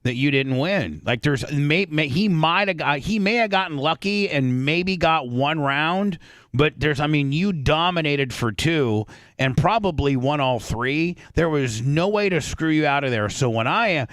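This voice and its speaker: A man's voice: on the high side, lively intonation, a little slow, a bit bright, no room sound. A man hosting a radio talk show, telling a rambling story and acting out quotes. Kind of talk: casual radio banter.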